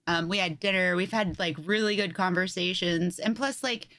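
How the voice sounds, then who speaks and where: A woman co-hosting a podcast in casual chat, an excitable, giggly storyteller. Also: fairly low pitch, moderate pace, dry recording, clean studio sound.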